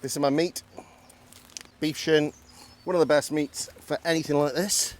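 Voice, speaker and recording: Narrating a relaxed cooking vlog out in the woodland, this man is talkative and self-deprecating as he goes step by step. He speaks at a normal speed in a higher-than-average voice with fairly even intonation, and there's a faint hiss or hum.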